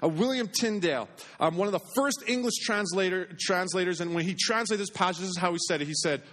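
A man preaching a sermon in an earnest way, repeating phrases for emphasis and dropping to a hush on key points. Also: high-pitched, fast talker. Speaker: pastor.

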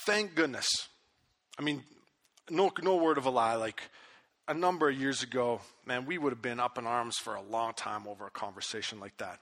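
A man's voice: mid-range voice, a little fast, a bit bright. A man preaching a sermon, telling a story animatedly and acting out his own angry outbursts. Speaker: pastor. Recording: long reverb of a big hall.

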